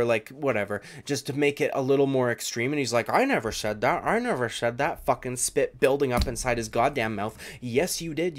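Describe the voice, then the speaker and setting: Man, middle-pitched voice, heated and profane commentary ranter. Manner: heated, profane ranting with frequent "dude". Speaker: MMA YouTube commentator. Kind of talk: reaction commentary rant.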